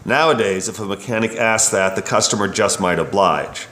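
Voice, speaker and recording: A man's voice: lowish voice, moderate pace, sharp tone. A bike shop service writer reading his own work story in a wry, opinionated way. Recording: roomy echo.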